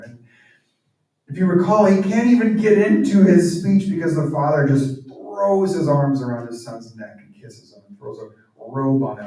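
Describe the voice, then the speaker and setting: Man giving a sermon, conversational storyteller, warm tone, strong hall echo. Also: medium pitch. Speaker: guest speaker and author. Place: large church hall. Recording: echoey hall, distant mic.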